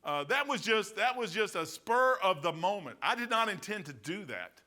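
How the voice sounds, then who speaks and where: A male pastor preaching a sermon in church, telling stories in an animated, colloquial way. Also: high voice, moderate pace. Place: church, behind the pulpit.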